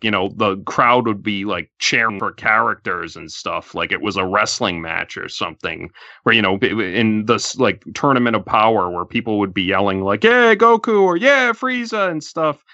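A man co-hosting a podcast, talking through a film in an animated, casual way with lots of filler words. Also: fairly low pitch, moderate pace, no room sound, lo-fi sound. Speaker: podcast co-host.

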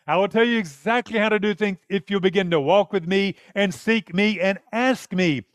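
A man's voice: sits high, no room sound, studio quality. A man in his fifties preaching a sermon, telling personal stories with acted-out quotes. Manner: storytelling, animated with acted-out quotes. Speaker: pastor.

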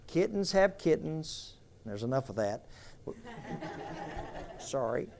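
A man's voice: a little high, sing-song, slow pace, creaky, darkish tone. An older man preaching a sermon, leading the congregation in repeated call-and-response phrases. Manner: call-and-response, repetitive, emphatic. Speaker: pastor.

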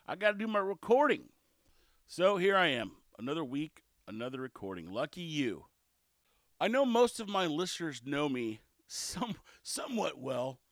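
A man hosting a casual solo podcast, chatty and cheeky, telling stories in an animated way. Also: on the high side, moderate pace, no room sound, clean studio sound. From South Texas. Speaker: podcast host.

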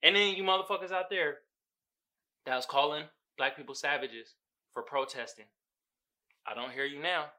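A man's voice: a little high, normal speed, long pauses, bright, forceful tone. A man hosting a podcast, talking in a loose, profane commentary monologue and slipping into quoted voices of other people. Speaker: podcast host.

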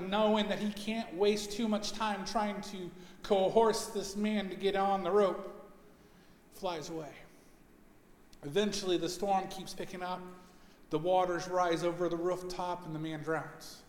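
A male pastor preaching a sermon in a church, telling a story with animated, emphatic delivery. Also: high-pitched. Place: church sanctuary. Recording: echoey church hall.

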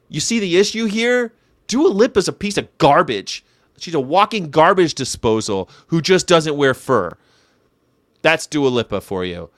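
A middle-aged man talks in a casual, sarcastic rant, bursting out loud and then dropping to a mutter. His voice sits a little high. The sound is dry and close, with no room echo. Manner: sarcastic, ranting, swings from loud outbursts to low mutters. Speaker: vegan commentary host. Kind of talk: casual ranting monologue.

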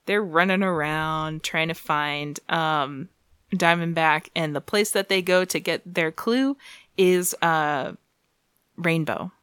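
Woman podcast co-host, low-ish voice, dry close sound, chatty recap full of laughs and swearing. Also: slow, fairly bright tone, clear, resonant tone, dry recording. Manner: laughing, profane, joking asides. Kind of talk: casual recap chat.

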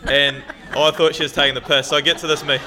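A man's voice: fairly high pitch, little pitch movement, quick pace, pushed and bright. A young man with a New Zealand accent telling a blunt, swearing, laughing story to an audience. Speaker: farmer speaker.

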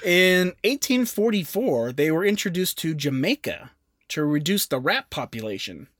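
A man's voice: on the high side, sing-song, moderate pace, fairly bright tone, no room sound, clean studio sound. A young adult man co-hosting a podcast in casual chat, presenting facts with jokey asides. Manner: chatty, jokey, with self-aware asides. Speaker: podcast co-host.

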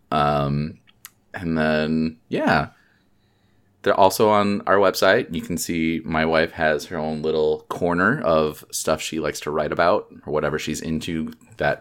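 A man hosting a casual podcast, wrapping up the episode in a relaxed, rambling way with plenty of fillers. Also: extremely low pitch. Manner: laid-back, rambling sign-off with fillers. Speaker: podcast host.

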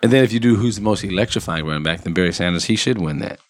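A man's voice: deep voice, very fast, no echo. A man in a casual sports debate, stubborn and teasing, with loose slangy talk.

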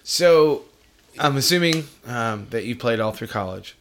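A man's voice: mid-range voice, expressive, a little slow, fairly bright tone, a little hiss or hum. A middle-aged man hosting a podcast, talking bluntly and profanely in casual chat. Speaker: podcast host.

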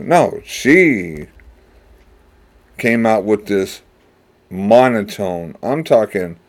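A middle-aged man holds forth in a loose, wandering monologue, drifting off topic and reeling himself back with a wry, grumbling edge. His voice sits low, and he takes his time, stretching out his words at an unhurried crawl. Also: very animated. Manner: rambling, digressive, wry complaining. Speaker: show host, father. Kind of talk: casual monologue.

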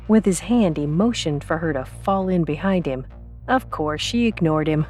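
A woman narrating an audiobook in a calm, steady reading voice. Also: low voice, normal speed, soft background music.

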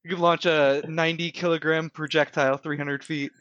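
A man playing a tabletop role-playing game, lively and often laughing as he talks. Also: a little high, brisk, dry recording, lo-fi sound. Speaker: player. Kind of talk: casual tabletop game chat.

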